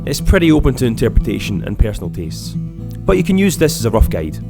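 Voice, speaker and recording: A man narrating a scripted recipe voice-over in a calm, steady manner. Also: medium pitch, a little fast, vocal fry. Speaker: host. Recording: voice-over with loud guitar music.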